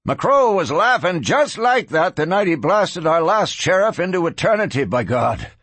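A man voicing a red-faced male saloon drinker, with a croaking, gossipy delivery. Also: high-pitched, very animated, moderate pace, fairly bright tone, dry recording, voice pushed up, exaggerated voice. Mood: excited.

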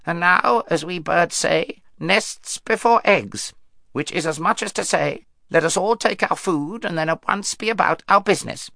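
A man voicing a wise old male raven counselor with a croaking voice, in a storybook reading. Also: sits high, moderate pace, pushed and bright, no echo, studio quality, voice pushed up, full character voice. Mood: approving. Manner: sententious, fond of bird sayings.

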